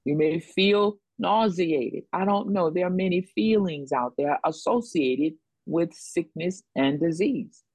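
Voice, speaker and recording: Woman preaching, breathy voice, dry close sound, keeps repeating lines for emphasis. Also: lowish voice, unhurried, a little mellow, dry recording, low-quality recording. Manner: call-and-response preaching, repeats phrases for emphasis. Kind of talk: sermon.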